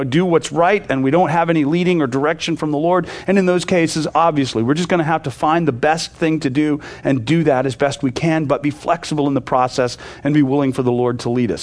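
Rambling, conversational male Bible teacher. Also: fairly high pitch. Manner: informal and rambling, full of "you know" and restarts; animated when retelling a story. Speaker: pastor.

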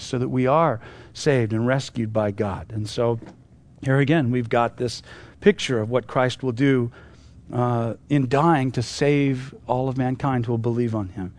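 A man's voice: medium pitch, a little mellow. A man teaching through a Bible passage in a casual, conversational way, with lots of asides and restarts.

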